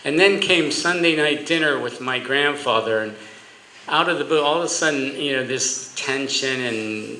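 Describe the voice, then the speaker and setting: A man, a judge, giving a humorous roast speech for his father, telling stories with comic timing and deadpan asides. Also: medium pitch, moderate pace, echoey room, a little hiss or hum, low-quality recording.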